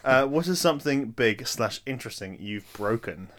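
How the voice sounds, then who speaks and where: A man's voice: medium pitch, lively intonation, moderate pace, fairly bright tone, a little hiss or hum. A young man hosting a podcast, asking teasing questions and laughing often, with many restarts. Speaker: podcast host. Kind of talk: casual chat.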